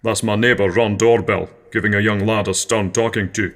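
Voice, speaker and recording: Blunt, gruff Scottish man for a deadpan absurdist comedy guest spot. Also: fairly low pitch, moderate pace. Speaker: interview guest.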